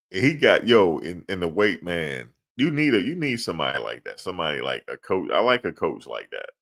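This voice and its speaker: Deep-voiced man in lively sports banter. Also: moderate pace, creaky, long pauses. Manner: animated, slangy, laughs often. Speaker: sports podcast co-host. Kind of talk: casual sports chat.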